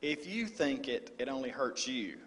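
A man speaks plainly and earnestly as a guest on a church stage. His voice has a mid-range pitch, and the hall adds a long reverb. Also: sing-song, normal speed, fairly bright tone.

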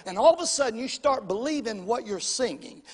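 High-voiced fervent preacher. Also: male voice, expressive, a little fast, slightly rough. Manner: fervent, call-and-response preaching with repetition. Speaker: pastor. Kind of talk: sermon. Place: church sanctuary. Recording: long reverb of a large church hall.

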